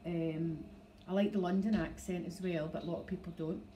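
A woman's voice: fairly low pitch, steady tone, brisk, dark tone, slight background noise, rough recording. A middle-aged woman with a Scottish accent chatting on a home livestream, rambling and laughing often as she talks into a phone. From Scotland. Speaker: dog breeder livestreaming. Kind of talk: casual livestream chat. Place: home, indoors.

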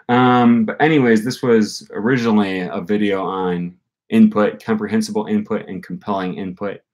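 A man's voice: on the low side, fairly even intonation, normal speed. A young man hosting a casual livestream, answering comments and thinking aloud with many fillers. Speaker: language-learning channel host.

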